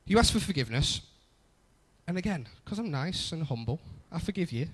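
A man's voice: a little high, very animated, brisk. A young adult man preaching a conversational sermon, often repeating phrases for emphasis. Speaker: pastor.

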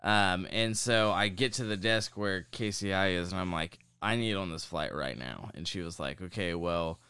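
Low, bright-toned young man telling a story. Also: normal speed, clean tone, dry recording, studio quality. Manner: profane, rambling anecdote-telling. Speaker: storyteller in a chat podcast. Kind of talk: casual chat.

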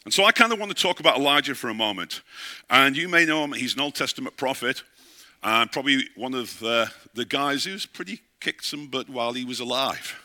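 A man's voice: mid-range voice, animated, fairly quick, pushed and bright. A middle-aged man, a pastor, preaching a sermon and telling a story, often asking his listeners questions.

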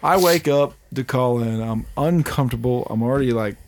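A man, chatting on a podcast as host, telling animated stories, swearing freely and laughing often. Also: medium pitch, brisk. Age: 30s. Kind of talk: casual chat.

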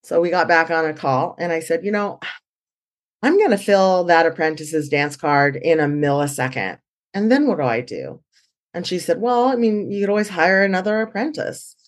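A woman guest, a dog trainer, telling her story in an animated way and acting out quoted dialogue. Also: fairly low pitch, normal speed. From San Francisco Bay Area. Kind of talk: conversational storytelling.

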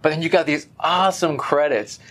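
A podcast co-host chatting casually about an old film, telling it in an animated way with many restarts. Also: medium pitch, fairly quick, slightly rough. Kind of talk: casual chat.

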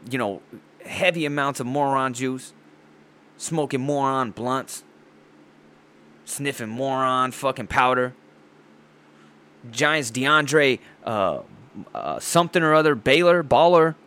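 A man's voice: medium pitch, takes it slowly, pauses often, sharp tone, smooth. A man hosting his own show, ranting in a profane, rambling way about movies and sports news. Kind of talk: casual ranting monologue.

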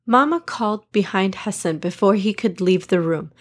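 A woman narrating a children's storybook in an even, measured read-aloud voice. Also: mid-range voice.

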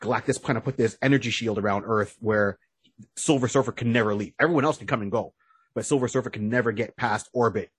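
Husky man co-host, animated storyteller, dry close mic. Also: fairly low pitch, fast talker, no echo. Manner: animated storyteller, acts out characters' lines. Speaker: podcast co-host. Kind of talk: casual chat.

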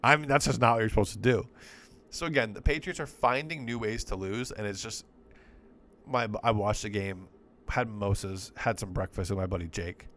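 A man's voice: fairly low pitch, a little fast, fairly bright tone, slight background noise. A man co-hosting a sports podcast, talking in a rambling, exasperated, profane way. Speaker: podcast co-host. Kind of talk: casual sports podcast chat.

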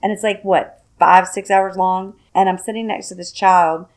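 Chatty woman co-host, animated storyteller, casual talk. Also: medium pitch, normal speed. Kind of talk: casual chat.

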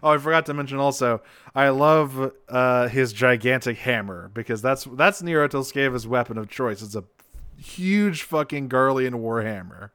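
A man talking through a casual podcast episode with a smooth, resonant voice. His tone is wry and he swears freely. The sound is dry and close, with no room around it. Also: medium pitch, moderate pace, fairly bright tone, dry recording. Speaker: podcast co-host.

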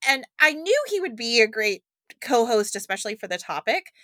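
A woman co-hosting a podcast, talking in a bubbly, quick, casual way. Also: a little high, very animated, pushed and bright, dry recording, clean studio sound. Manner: bubbly, quick, laughs often. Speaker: podcast co-host.

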